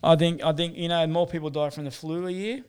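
Aussie man, slightly high, smooth and clear voice, rambling and sweary, casual storyteller. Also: fairly even intonation, brisk. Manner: rambling, sweary, lots of fillers.

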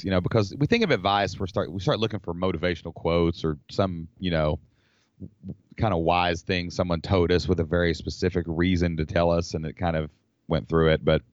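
A man from the United States, a podcast guest, telling a personal story in an animated, rambling way with lots of fillers. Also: low-pitched, no room sound. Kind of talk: casual storytelling. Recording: slightly dull dry recording.

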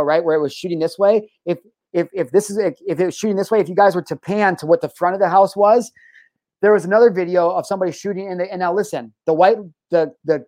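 A man hosting his own podcast, ranting in a heated, profane monologue. His voice sits a little higher than most men's. He keeps circling back and restarting his sentences as he talks. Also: darkish tone, no room sound. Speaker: podcast host.

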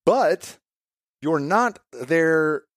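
A man's voice: on the high side, lively intonation, drawn-out words, fairly bright tone, no room sound, clean studio sound. A man in his thirties, a podcast guest and father, talking in a candid, reflective way and swearing casually.

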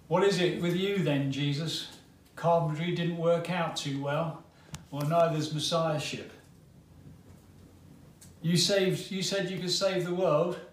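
A man's voice: on the high side, steady tone, slow, a little hiss or hum, voice pushed up. A bitter crucified criminal, put on by a man preaching, spits sneering taunts in a strained, raised voice. The sound is roomy and distant, as if caught from far off in a hall. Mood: mocking. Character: jeering crucified male criminal, bitter and scornful.

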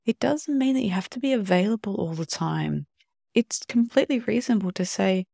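Gravelly-voiced podcast host explaining calmly. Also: mid-range voice, brisk, no room sound, clean studio sound. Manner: calm explanatory, acts out short quoted examples. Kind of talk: solo podcast talk on relationships.

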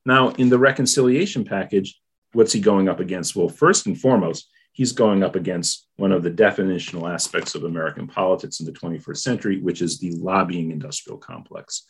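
Deep husky guy chatting politics, lots of ums, thoughtful. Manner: measured, thoughtful, many fillers. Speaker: political commentator. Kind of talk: casual political discussion.

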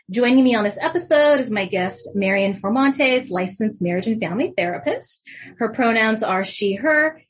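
A woman hosting a podcast, chatting casually and warmly with lots of fillers. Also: medium pitch, slightly rough, lo-fi sound. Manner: friendly, chatty, lots of likes and ums. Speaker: podcast host, therapist. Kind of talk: casual interview chat.

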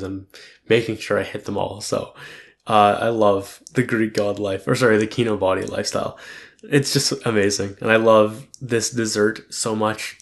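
A man's voice: lowish voice, vocal fry. A young man talking casually to camera in a rambling, profane and upbeat reflective monologue. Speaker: vlogger.

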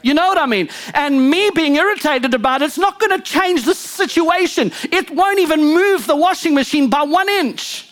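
This animated woman pastor talks at a normal speed with few pauses, her sermon swinging from loud emphasis to low, murmured asides. Calls of "come on" and "amen" to the congregation come often.

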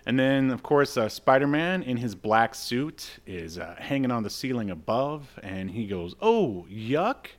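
A man co-hosting a podcast, recapping a comic in a relaxed, chuckling way and reading out the lines in the panels. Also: medium pitch, normal speed, hardly any pauses. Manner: laid-back, chuckling, reads out panel lines. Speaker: podcast co-host. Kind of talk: casual chat recapping a comic.

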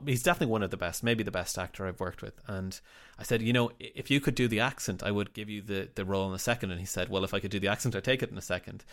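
A man with a fairly low voice speaks as a guest in a casual interview. He talks about his work in a thoughtful, meandering way. He often doubles back and restarts his sentences. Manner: reflective, rambling with frequent restarts. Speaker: writer and director of the drama.

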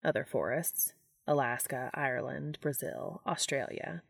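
A woman voicing an ancient, calm, gently amused male angel in a fan fiction audiobook, speaking low, soft and unhurried. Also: creaky, breathy edge, no room sound, clean studio sound, full character voice.

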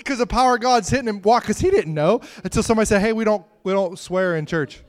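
Animated preacher man telling stories. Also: high voice, very fast, hardly any pauses. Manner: animated storytelling, swings from loud to hushed; conversational, laughing asides. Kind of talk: sermon.

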